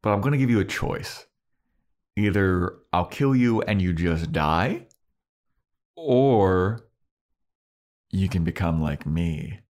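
A man's voice: low voice, lively intonation, slow pace, long pauses, a little mellow. A man voicing a cocky, crude male vampire who drawls and swears. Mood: menacing.

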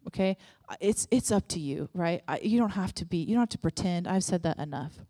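A woman's voice: fairly low pitch, lively intonation, a little fast, mellow, no echo, clean studio sound. A woman preaching a sermon and leading prayer in an earnest, conversational way, with frequent restarts. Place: church room with audience.

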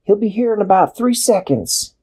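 A man voicing a calm female crew member in a told story, in a raised, matter-of-fact tone. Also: sits high, normal speed, husky, voice pushed up.

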